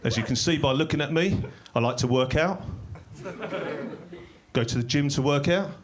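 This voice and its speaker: Deadpan high-voiced man doing stand-up. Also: moderate pace. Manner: dry, deadpan delivery with sudden shouted bursts. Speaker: stand-up comedian. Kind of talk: deadpan stand-up one-liners. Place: small comedy club stage in London. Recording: live club recording with audience laughter. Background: crowd laughing.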